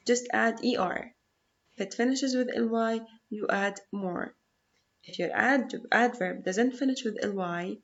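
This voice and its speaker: A woman whose first language is Arabic patiently teaches an English grammar lesson, repeating rules and checking in with "okay?". Her voice is medium-pitched with vocal fry, and the sound is lo-fi.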